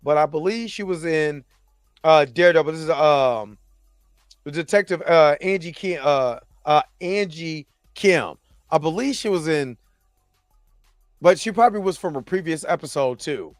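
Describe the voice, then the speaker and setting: Man, high voice, AAVE, animated casual recap host, dry close sound, faint music behind. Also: moderate pace, no room sound. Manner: animated, acts out characters' lines in his own voice. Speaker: show host.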